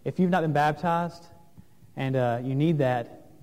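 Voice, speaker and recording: A man preaching an earnest sermon, asking questions of his listeners, with some pauses and fillers. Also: a little high, a little mellow. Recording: long reverb of a large room.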